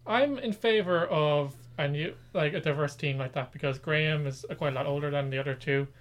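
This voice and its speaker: Man, slightly high voice, podcast co-host; relaxed chat, reads news then teases his partner. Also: a little fast. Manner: reads news items, then chats with wry asides. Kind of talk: casual pop-culture chat.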